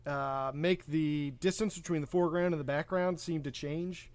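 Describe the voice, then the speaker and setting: A man with a high voice talks through a film recap in a loose, rambling way, filling pauses with "uh" and "like". The recording is dry and close, with no room sound at all. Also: fairly even intonation, no echo. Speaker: podcast co-host. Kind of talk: casual movie chat.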